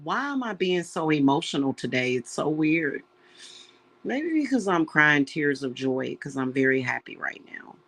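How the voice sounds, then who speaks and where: A deep-voiced woman, very animated and a bit bright, works as a witch and reader. She talks slowly and emotionally to her viewers, calling them y'all in a casual, heartfelt spiritual conversation.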